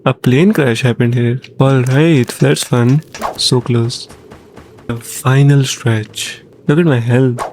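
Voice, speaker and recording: A man giving casual let's-play commentary on his gaming channel, excitable and jokey, often panicking at what happens on screen. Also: mid-range voice, slow, soft background music.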